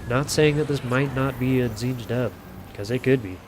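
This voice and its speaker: A man's voice: mid-range voice, normal speed. A man giving casual, rambling live commentary on a strategy video game, with lots of fillers and self-corrections. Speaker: game caster. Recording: audible background noise.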